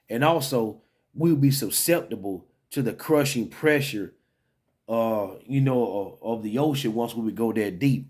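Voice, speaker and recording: A man's voice: mid-range voice, a little mellow. A man giving casual, rambling commentary to his own channel, full of fillers and restarts, with an incredulous, head-shaking tone. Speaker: vlogger.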